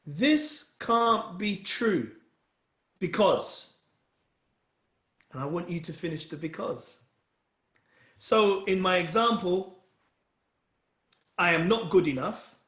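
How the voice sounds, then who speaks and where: A man with a fairly high voice gives an earnest motivational talk and keeps turning to his listeners to encourage them. His voice carries a noticeable echo from the room. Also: a bit bright. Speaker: wellbeing speaker leading a session.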